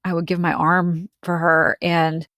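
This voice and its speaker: Low-voiced woman telling her story. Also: little pitch movement, unhurried, fairly bright tone, dry recording, studio quality. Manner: earnest, emotional storytelling with quoted dialogue. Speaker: interview guest recounting her experience. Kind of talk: conversational personal account.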